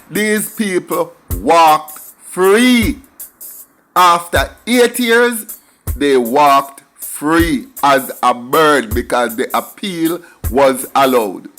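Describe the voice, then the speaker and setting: A man's voice: a little high, fairly bright tone. A middle-aged man with a Jamaican accent tells a story in an emphatic monologue, slipping into patois for asides. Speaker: commentator.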